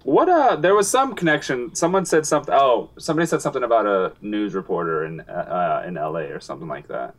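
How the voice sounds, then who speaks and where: A man with a fairly deep voice and a lively, wide-ranging pitch, stumbling through his thoughts with fillers in casual banter. His delivery is loose and hesitant. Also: quick pace, few pauses. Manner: rambling, hesitant, lots of fillers. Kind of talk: casual movie-review chat.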